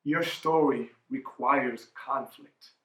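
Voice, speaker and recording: A man in his forties gives a motivational keynote as a coach in an echoey conference hall, emphatic and often asking "right?". His voice is medium-pitched, slow, and fairly bright.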